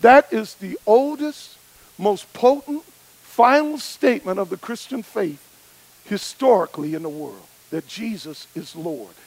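High, gravelly preacher man. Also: animated, measured pace, a little mellow, no echo, rough recording. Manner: emphatic, rhythmic repetition. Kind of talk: sermon.

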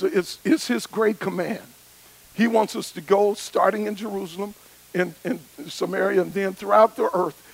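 A man preaching a sermon, emphatic, with rhythmic repetition and a gravelly voice. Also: high voice, low-quality recording.

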